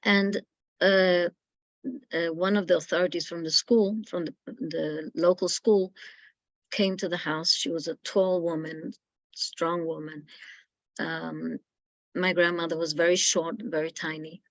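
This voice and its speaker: Gravelly-voiced woman telling a family story. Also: little pitch movement, unhurried, no echo, muffled recording. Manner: acts out quoted voices, loud and high when quoting. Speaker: guest speaker. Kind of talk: storytelling talk.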